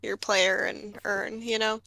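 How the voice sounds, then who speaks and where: A woman co-hosting a live draft stream, chatting casually with playful, quick interjections. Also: medium pitch, level tone, creaky, bright, forceful tone, no room sound. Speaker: co-host. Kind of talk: casual livestream chat.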